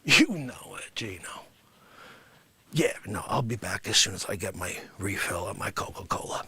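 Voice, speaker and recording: A man voicing a brash loudmouth at a coffee counter, blustering and switching between muttering and shouting. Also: extremely high pitch, huge pitch swings, a little slow, vocal fry, slight background noise, pitched above the performer's own voice, heavily acted.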